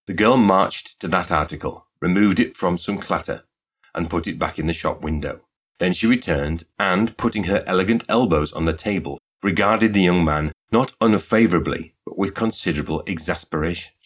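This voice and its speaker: A male audiobook narrator reading a classic detective story in a measured, even manner. His voice sits very low with a husky edge. The delivery is calm and unhurried throughout. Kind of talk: scripted narration.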